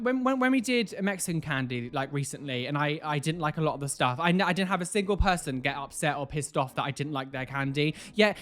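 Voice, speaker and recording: A man's voice: high voice, fairly bright tone. Sarcastic man venting. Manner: exasperated, sarcastic, swears freely. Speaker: reaction video host. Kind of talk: casual reaction commentary.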